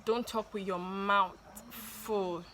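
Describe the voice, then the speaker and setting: Woman, mid-pitched, casual advice vlog to camera, repeats warnings, light background noise. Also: steady tone, slow pace, bright, forceful tone. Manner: chatty, repeats warnings with "okay?" and "please". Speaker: vlogger giving dating tips.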